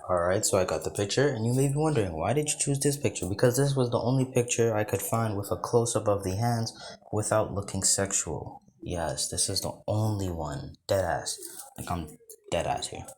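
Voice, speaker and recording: Low voiced guy rambling thru a fan story, lots of side comments, bit of hiss. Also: normal speed, a little mellow. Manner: rambling, off-the-cuff asides. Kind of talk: casual improvised storytelling.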